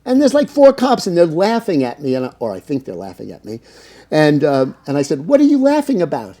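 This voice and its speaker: This middle-aged American man, a cannabis business owner interviewed as a guest, talks fairly quickly in a mellow, fairly high voice with big swings in pitch. His storytelling is casual and meandering, crowded with fillers, and he performs the lines of the people he quotes.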